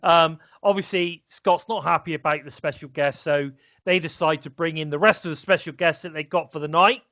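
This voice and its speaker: A man's voice: a little high, steady tone, moderate pace, bright, forceful tone, dry recording. A British man co-hosting a casual wrestling review podcast, rambling with many fillers and restarts. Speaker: podcast co-host. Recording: dull, slightly lo-fi dry sound.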